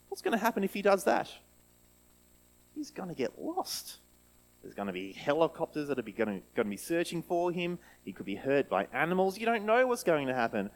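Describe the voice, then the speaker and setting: A man who reads a scripture passage and then leads a lively children's talk in church, asking the children questions and having them repeat lines back. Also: sits high, normal speed, poor audio. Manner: animated, asks children questions and leads call-and-response.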